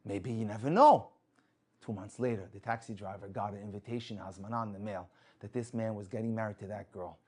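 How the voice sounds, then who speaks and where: A man telling an inspirational religious story with lively delivery, acting out the people in it. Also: lowish voice, fast talker, breathy edge. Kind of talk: inspirational story told to an audience.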